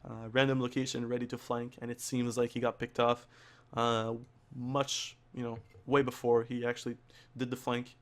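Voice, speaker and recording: A male esports caster calls the action live in a hoarse, worn voice, his pitch sitting at an everyday middle. He stumbles over words and restarts his sentences often. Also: flat delivery. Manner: halting, with frequent restarts and fillers. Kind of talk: live play-by-play commentary.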